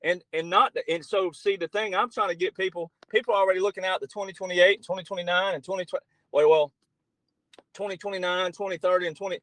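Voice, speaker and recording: A man's voice: high-pitched, steady tone, a little fast, fairly bright tone, dry recording, low-quality recording. A middle-aged man talking as a podcast guest, blunt and emphatic, with some profanity. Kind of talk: political talk show conversation.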